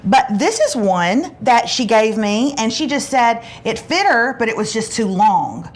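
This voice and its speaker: A middle-aged woman hosting a casual chat show and telling stories, acting out quotes with big jumps in pitch. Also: very animated, a little slow. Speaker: show host.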